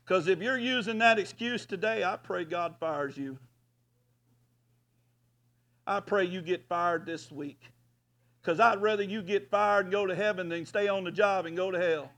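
A man preaching a folksy sermon as pastor, rising at times to loud hollers. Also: high voice, normal speed, long pauses.

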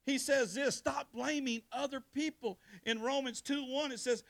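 A male pastor preaching with a high, gravelly voice. He talks plainly and colloquially and keeps calling on the congregation to answer back, raise hands and repeat after him. His delivery moves from quiet, low asides up to forceful, raised exhortation. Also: steady tone, moderate pace, few pauses. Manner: preaching with call-and-response to the congregation; colloquial Southern speech. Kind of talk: sermon.

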